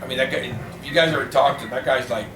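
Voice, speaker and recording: A man's voice: medium pitch, steady tone, racing. A man moderating a fan Q&A in a casual, rambling way. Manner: rambling, loose asides. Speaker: event moderator. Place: convention event room. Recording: echoey room, off-mic, noisy.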